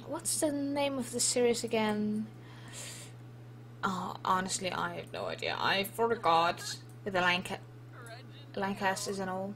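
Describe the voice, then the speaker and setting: A woman with a Dutch accent gives relaxed, unhurried commentary over a life-sim game. She chats playfully and reads the game's prompts aloud, with a faint hum in the background. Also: mid-range voice. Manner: chatty and playful, reads on-screen text aloud. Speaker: let's play host. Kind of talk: casual gameplay commentary.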